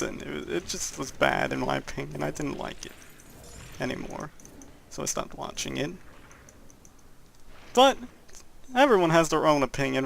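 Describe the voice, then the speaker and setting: Gravelly young man rambling over gameplay. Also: a little high, a bit bright. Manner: rambling, jokey, laughs at his own jokes. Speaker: gameplay commentator. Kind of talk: casual let's-play commentary.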